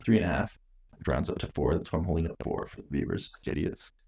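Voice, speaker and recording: A man's voice: very deep voice, expressive, fast, vocal fry, darkish tone, husky. A man co-hosting a podcast in casual, joking, rambling chat. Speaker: podcast co-host.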